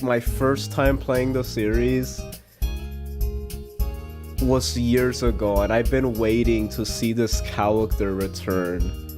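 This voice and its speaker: A man streaming a game, reacting excitedly to what he sees on screen. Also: mid-range voice. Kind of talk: let's play commentary.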